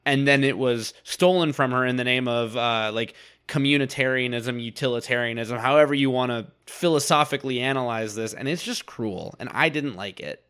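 A man in mid-range pitch chatting as a podcast co-host. He builds his points carefully, sometimes stumbling and restarting as he thinks aloud. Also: a bit bright, clean tone. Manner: thoughtful, reasoned, slightly halting. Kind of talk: casual podcast recap chat.

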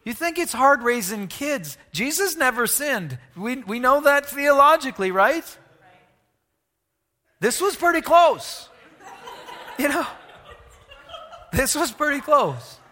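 A man preaching a sermon, animated, asking the congregation questions and moving between loud and hushed delivery. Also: very high-pitched, a little slow, long reverb tail. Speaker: pastor.

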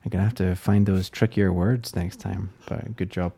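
A man's voice: low-pitched, fairly even intonation, moderate pace, vocal fry. A man co-hosting a podcast, chatting in a playful, teasing way. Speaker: podcast co-host. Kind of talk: casual chat.

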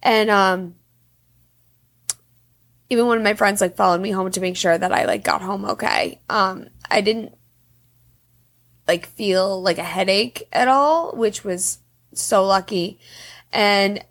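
A woman's voice: mid-range voice, takes it slowly, pauses often, fairly bright tone. A young woman tearfully telling a personal story in a casual, rambling way, full of fillers. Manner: rambling, emotional, heavy use of "like".

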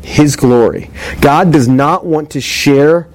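A man's voice: a little high, slow. A man preaching a sermon, retelling a story in a conversational way and acting out the dialogue with joking asides. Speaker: pastor.

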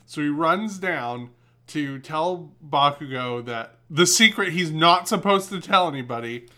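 Bright-voiced snarky man recapping. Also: a little high, lively intonation, unhurried. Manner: snarky, swears, acts out quotes. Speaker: podcast co-host. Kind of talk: casual recap chat.

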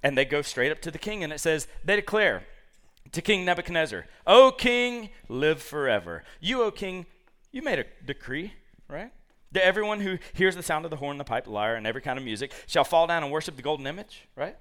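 A man preaching a lively sermon, acting out the characters of a Bible story. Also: on the high side, brisk. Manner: animated, acts out quoted characters.

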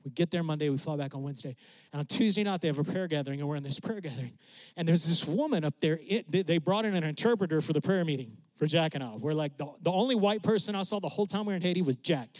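Middle-aged male preacher, storytelling testimony, slightly higher voice, close dry sound. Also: fast, no echo. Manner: animated, voice jumps high when excited. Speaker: preacher sharing a mission testimony. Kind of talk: sermon storytelling.

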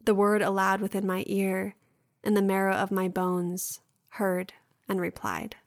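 A woman hosting a podcast who speaks calmly and gently and reads a poem aloud. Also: mid-range voice, no echo, studio quality. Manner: calm, unhurried, gentle. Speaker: podcast host.

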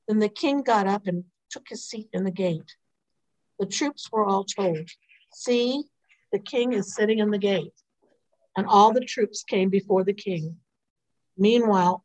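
A woman reading psalms and a scripture lesson aloud in a morning prayer service, in a measured, even way. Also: medium pitch, poor audio. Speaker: scripture reader. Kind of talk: liturgical responsive reading.

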